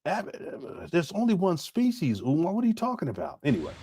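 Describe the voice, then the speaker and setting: A man's voice: fairly high pitch, wildly swooping pitch, brisk, warm tone, a little hiss or hum. Guy reacting live to his chat, swoopy voice, laughs a lot, stumbles and repeats himself. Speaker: live-stream reaction host. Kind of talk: casual live-stream reaction commentary.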